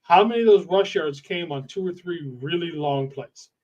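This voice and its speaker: Male podcast co-host, rhetorical questions, higher voice, distant muffled call audio. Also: normal speed, a little mellow. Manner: reasoning point by point, asks rhetorical questions. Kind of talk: casual sports analysis chat. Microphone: internet call mic.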